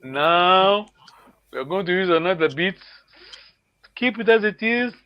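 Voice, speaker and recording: A man's voice: sits high, lively intonation, measured pace, clean tone, muffled recording. A man teaching a language class online, correcting students patiently and encouraging them.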